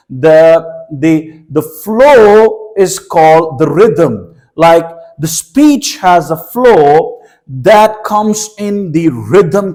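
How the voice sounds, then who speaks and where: A man's voice: on the high side, warm tone. A middle-aged man with a Pakistani accent, teaching as an exam tutor and explaining step by step, often repeating words as he searches for phrasing. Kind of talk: teaching lecture.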